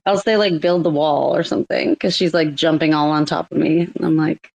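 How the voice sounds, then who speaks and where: A woman with a slightly low voice chats casually on an online audio call. She rambles and laughs often. The sound is plain call audio. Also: a little fast, creaky, darkish tone, muffled recording. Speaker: co-host. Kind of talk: casual group chat.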